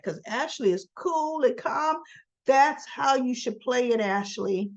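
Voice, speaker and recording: A woman's voice: on the high side, lively intonation, unhurried, lo-fi sound. A woman host recapping a soap opera in a chatty, opinionated storytelling manner. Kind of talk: casual recap narration.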